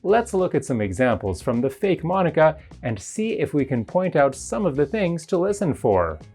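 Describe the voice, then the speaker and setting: A teacher reading a scripted narration that explains pronunciation in an even, explanatory way. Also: medium pitch, moderate pace, slightly rough, soft background music. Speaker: English teacher.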